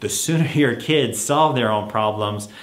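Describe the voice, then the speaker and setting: A man's voice: medium pitch, unhurried. Man giving parenting advice, echoey room. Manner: relaxed, laughs often; acts out parent-child phone calls. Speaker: parenting coach. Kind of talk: advice talk to camera.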